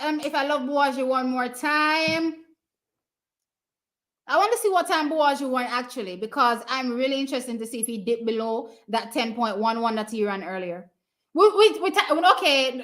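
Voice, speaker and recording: A Jamaican woman hosting a livestream watch party, giving emotional, excitable race commentary and casual chat. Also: sits high. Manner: emotional, excitable, quick to cheer.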